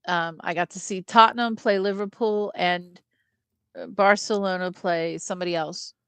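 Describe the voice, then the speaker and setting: A woman's voice: fairly low pitch, steady tone, moderate pace, smooth, no echo. A woman co-hosting a casual chat, playful and full of curious questions. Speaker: podcast co-host.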